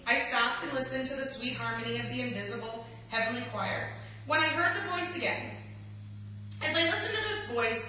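A woman reads an inspirational story aloud, earnest and gentle, her voice bright and a little high. She sits back from the microphone in a very echoey room, with a faint hiss of room noise behind her. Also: recorded from a distance.

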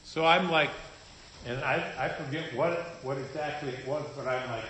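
A man's voice: mid-range voice, normal speed, a bit bright, a little hiss or hum. A man preaching a sermon in a conversational, storytelling manner with wry humor. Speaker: pastor. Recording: echoey room.

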